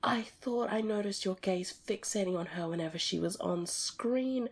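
A woman playing the listener's girlfriend in an audio role-play, talking in an expressive, conversational way that swings between loud and hushed. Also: mid-range voice, normal speed, hardly any pauses. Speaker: girlfriend character addressing the listener.

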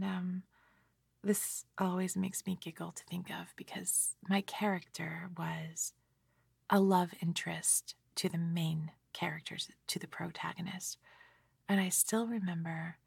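A tired middle-aged woman rambles in a whispered ASMR style, soft and gently self-mocking. Her whisper is airy and husky with a gravelly edge. She takes her time, and she sits close to a dry microphone. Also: lowish voice, no echo. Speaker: ASMR creator.

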